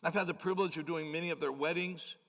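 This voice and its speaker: Older male pastor, bright gravelly voice, animated self-deprecating storytelling, long church reverb. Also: a little high, quick pace. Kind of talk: storytelling sermon. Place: large church auditorium.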